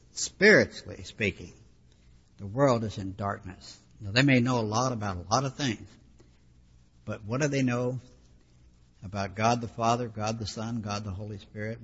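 A man's voice: on the low side, breathy edge. A man preaching a sermon, explaining scripture in a conversational teaching way with frequent asides. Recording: dull lo-fi recording with long hall reverb.

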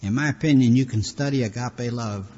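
A man's voice: mid-range voice, brisk, darkish tone. A man preaching a sermon in a conversational, folksy teaching manner with friendly asides. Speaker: pastor. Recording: dull lo-fi recording with long hall reverb.

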